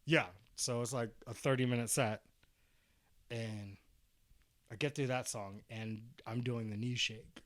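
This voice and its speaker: Young male guest, slow, animated storyteller, dry close sound. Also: mid-range voice, dry recording. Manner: animated storyteller, swearing, laughing, acting out voices. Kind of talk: casual storytelling chat. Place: Arizona.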